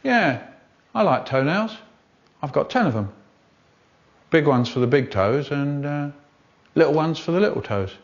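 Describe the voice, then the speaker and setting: A man's voice: on the high side, sing-song, unhurried, pauses often, highs cut off. A man voicing a cheerful ordinary man giving a plain-spoken, slightly hesitant vox-pop in a spoof advert. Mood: chirpy.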